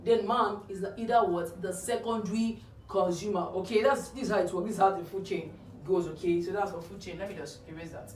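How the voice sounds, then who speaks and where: A woman's voice: mid-range voice, fairly even intonation, a little fast, a little hiss or hum. Woman tutoring, quizzing the listener. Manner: asks rhetorical "what?" questions and answers them; checks understanding with frequent "okay?". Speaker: biology tutor. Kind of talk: exam-prep lesson explaining answers. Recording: roomy, distant mic, faint ambience.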